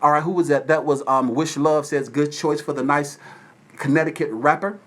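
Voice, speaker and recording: A man from Atlanta, Georgia, hosting a casual livestream from his phone at home and shouting out viewers by name. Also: a little high, steady tone, moderate pace. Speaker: livestream host. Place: at home with windows open.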